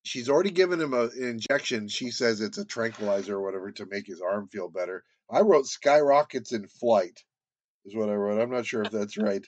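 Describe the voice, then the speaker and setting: A man co-hosting a casual book discussion podcast, animated, laughing often and acting out quotes from the story. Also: on the low side, fast talker, few pauses, lo-fi sound. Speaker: podcast co-host.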